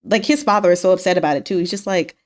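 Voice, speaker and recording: A woman casually recapping novel chapters for her book club, animated and laughing, acting out the characters' lines. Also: on the low side, rapid-fire.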